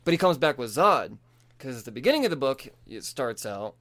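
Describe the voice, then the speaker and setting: A man's voice: mid-range voice, big pitch swings, brisk, a bit bright. A man casually recapping comic book issues, swearing freely and laughing as he talks. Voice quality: profane, laughs often.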